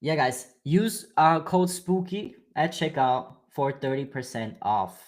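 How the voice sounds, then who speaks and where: A man's voice: on the high side, lively intonation, takes it slowly. A man with a German accent hosting a trading livestream, chatting casually and hyping viewers, calling them bro. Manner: hyped and slangy, calls viewers bro.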